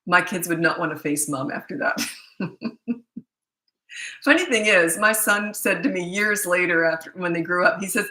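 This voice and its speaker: Blunt, bright-voiced woman parenting coach. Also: lowish voice, normal speed, long pauses, rough recording. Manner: blunt, storytelling with laughs. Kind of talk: casual Q&A answering viewer questions. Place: Australia.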